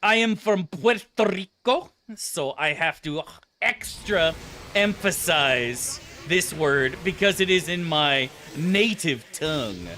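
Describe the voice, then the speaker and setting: A man voicing a pompous cook who overstresses foreign words with drawn-out, exaggerated emphasis. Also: a little high, animated, pushed and bright, slight background noise, full character voice. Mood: mocking.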